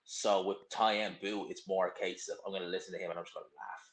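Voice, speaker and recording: Young male streamer, slightly low voice, loose and opinionated, chatting off the cuff; roomy echo on the recording. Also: little pitch movement, quick pace. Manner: blunt, rambling and opinionated. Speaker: livestream host. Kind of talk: casual live stream chat, reading viewer comments.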